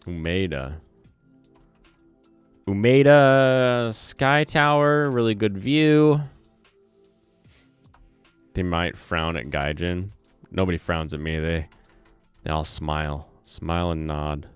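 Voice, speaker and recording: A man's voice: low voice, expressive, slow pace, pauses often, clear, resonant tone. A man with a slight Southern US twang, hosting a casual livestream. He rambles, corrects himself as he goes and reads chat aloud, on a close desk microphone. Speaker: streamer and channel host. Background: soft lo-fi music and keyboard typing.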